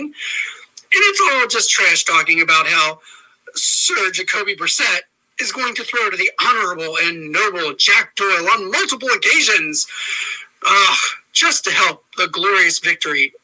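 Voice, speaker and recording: A man's voice: high-pitched, poor audio. A man telling a sarcastic, comedic rant on a podcast. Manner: animated, sarcastic storytelling.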